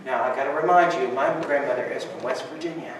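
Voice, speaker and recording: A man's voice: medium pitch, quick pace. A man preaching a sermon, telling funny family stories and laughing often. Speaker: pastor. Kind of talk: sermon with humorous storytelling. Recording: echoey hall from far off, noisy.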